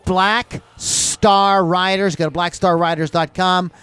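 A man's voice: high-pitched, fairly even intonation, slow, a bit bright, clean tone, dry recording, soft background music. A man hosting a rock podcast in a loose, rambling, jokey way. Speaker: podcast host. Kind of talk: casual chat.

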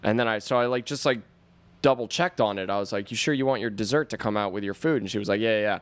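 A man's voice: lowish voice, quick pace, dry recording. Blunt, swearing man in casual chat. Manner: blunt, profane ranting. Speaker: waiter.

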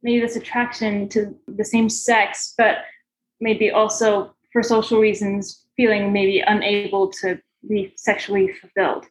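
A woman's voice: medium pitch, flat delivery, measured pace. A woman in a casual literary discussion, speaking thoughtfully and hesitantly with fillers. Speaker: discussion participant. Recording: dull lo-fi sound.

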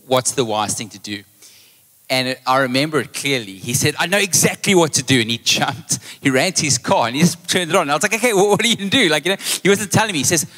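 A man preaching a live sermon as pastor, telling a story and acting out both sides of a conversation. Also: lowish voice. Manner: storytelling, animated retelling of conversations. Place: church hall. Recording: long hall reverb.

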